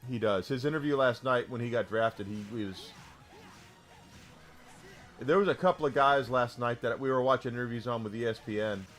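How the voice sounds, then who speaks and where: A man's voice: mid-range voice, moderate pace, pauses often, a bit bright, soft background music. A man live-streaming a retro game, chatting casually with viewers in a rambling, talkative way. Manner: rambling, restarts, heated about sports.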